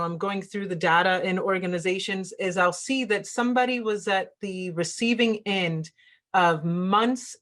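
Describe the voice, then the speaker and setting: A woman's voice: mid-range voice, fairly bright tone. A woman hosting and moderating a panel discussion, thoughtful and searching for her words as she poses questions. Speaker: host and moderator.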